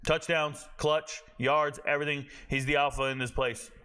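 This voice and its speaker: Blunt, animated college football host. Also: male voice, on the high side, normal speed, clear, resonant tone. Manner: blunt, profane, animated, talks to himself while checking stats. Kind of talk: casual opinionated commentary.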